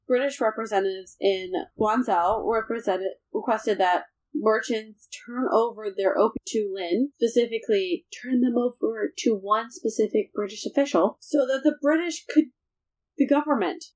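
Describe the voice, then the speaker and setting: A young woman with a fairly high voice hosts a casual history podcast chat. She tells the story in an animated, joking way and slips into mocking voices when she quotes people. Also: rough recording. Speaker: podcast host.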